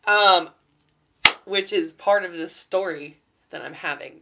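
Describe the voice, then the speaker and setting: Gravelly-voiced woman telling wild stories. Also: lowish voice, slow pace, dull audio, heavy background noise. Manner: profane, animated storytelling with sudden loud bursts. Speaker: podcast guest. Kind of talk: casual storytelling chat.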